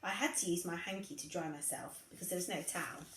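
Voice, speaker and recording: A woman reading a first-person story aloud in an expressive, conversational way. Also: on the low side, fast, roomy sound, a little hiss or hum, rough recording. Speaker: reader.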